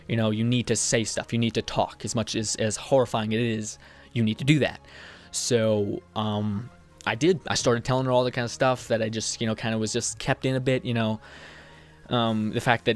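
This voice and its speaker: A young man speaks to his viewers in a confessional vlog, halting and restarting as he circles back over his words. His voice sits at an ordinary middle pitch. Faint music plays softly behind him. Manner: rambling, halting, many restarts and fillers. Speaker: vlogger.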